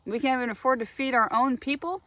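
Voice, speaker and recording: A woman talking straight to her viewers in a rambling spiritual monologue, animated, laughing often and swearing freely. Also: high-pitched, quick pace, no room sound. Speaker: spiritual vlogger.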